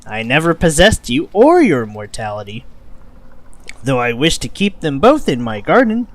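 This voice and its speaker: A man's voice: mid-range voice, huge pitch swings, normal speed, no room sound. A man voicing an ancient female hag who speaks in riddles with twisted word order, reading game dialogue aloud. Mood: wistful. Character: ancient female night hag, cryptic and possessive.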